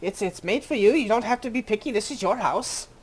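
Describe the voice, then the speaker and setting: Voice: medium pitch, lively intonation, fairly quick, husky, pitched above the performer's own voice. A game master voicing a bustling, motherly middle-aged woman cook who fusses over her guests. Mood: doting. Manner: doting, pushy hospitality.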